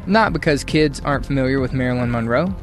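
A man hosting a morning radio show, bantering playfully and breaking into goofy high-pitched shouts. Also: animated, fast, soft background music.

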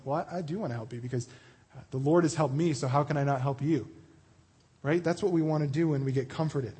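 A man's voice: on the high side, quick pace, breathy edge. Earnest man preaching in a reverberant hall. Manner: earnest, animated preaching with quoted voices and restarts. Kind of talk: sermon.

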